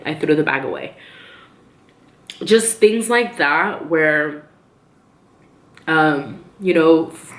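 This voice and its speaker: A woman with a low voice talks openly to her camera in a casual personal vlog. She is chatty, with frequent ums and likes, and the room around her is echoey. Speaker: vlogger.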